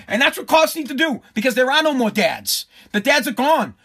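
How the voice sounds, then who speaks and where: A man in his forties rants bluntly and profanely through his commentary. His voice sits very high and sounds bright and tense. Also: big pitch swings, a little fast. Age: 40s. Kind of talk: ranting commentary.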